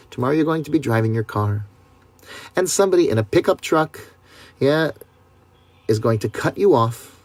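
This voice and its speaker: A man's voice: medium pitch, dry recording, lightly acted. A man quoting a loving old great-grandmother. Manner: gentle warning, tender. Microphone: video call.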